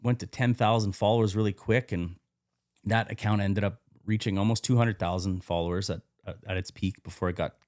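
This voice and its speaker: A man's voice: lowish voice, steady tone, a little fast, a little mellow, no echo. A man talking as a podcast guest, telling his own story candidly, swearing freely and acting out what he said back then. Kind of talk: casual storytelling interview.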